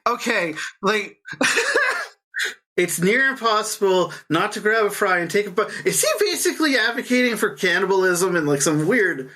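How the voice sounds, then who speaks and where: A podcast co-host chatting casually, sarcastic and quick to get worked up. The voice is bright and sharp, at a middle pitch. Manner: excitable, sarcastic, profane. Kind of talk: casual chat.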